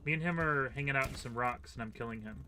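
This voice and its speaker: A man talks loosely over a co-op game session, stumbling through fillers and laughing at his own tangents. His voice is bright and a little pressed, with a faint background hum. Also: medium pitch, quick pace. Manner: rambling, many fillers, chuckling. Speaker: gaming channel host. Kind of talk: casual co-op gameplay chat.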